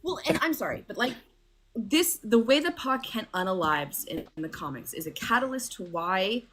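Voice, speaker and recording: A woman chatting on a livestream, animated and nerdy, swearing as she rants. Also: mid-range voice, moderate pace, slight background noise. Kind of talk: casual livestream chat.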